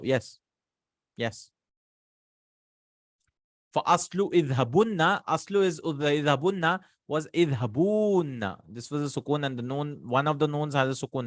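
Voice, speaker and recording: Male grammar teacher, slightly high voice, patient, dry close recording. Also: no echo. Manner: explains patiently, mixing English and Arabic, checks with "hmm?" and "right?". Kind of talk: online grammar lesson.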